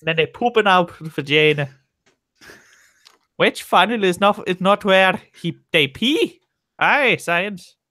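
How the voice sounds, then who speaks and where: A woman's voice: on the low side, lively intonation, a little slow, pauses often, fairly bright tone, no echo, voice pushed up. A woman doing a weird, vaguely Scottish-sounding voice of a crude, rambling man who babbles in broken grammar.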